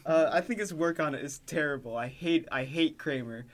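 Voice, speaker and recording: A man co-hosting a podcast with a deadpan, mock-serious way of talking. He stalls on fillers and restarts his sentences. His voice sits a little higher than most men's. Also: a little fast. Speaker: podcast co-host. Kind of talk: casual comedic chat.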